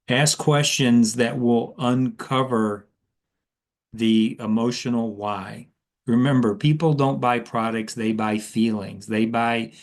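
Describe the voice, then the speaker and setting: Conversational male sales trainer. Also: mid-range voice. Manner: conversational with fillers and restarts, animated inflection. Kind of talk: casual coaching talk.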